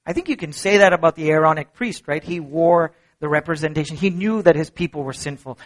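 Earnest high-voiced male preacher. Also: a little fast, hardly any pauses. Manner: earnest, rising to emphatic peaks and dropping to soft low passages. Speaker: pastor. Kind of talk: sermon.

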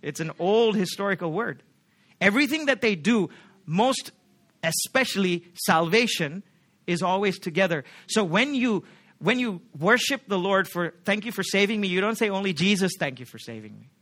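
High, bright-voiced male preacher. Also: expressive, moderate pace. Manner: emphatic, asks the congregation rhetorical questions. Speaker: pastor. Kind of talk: sermon.

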